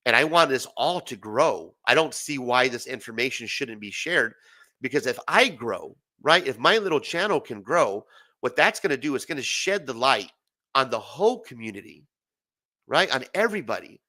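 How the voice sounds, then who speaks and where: Male livestream host, bright and lively voice, tired and wearing thin, profane rambling rant, laughs often. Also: mid-range voice, normal speed. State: voice failing, tired. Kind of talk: late-night livestream rant.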